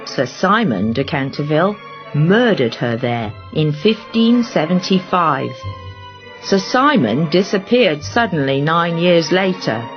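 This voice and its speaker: A man voicing a gloomy, ominous old woman housekeeper in a hushed manner. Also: fairly high pitch, pitched above the performer's own voice. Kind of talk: audiobook character voice. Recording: dull lo-fi audio with faint music.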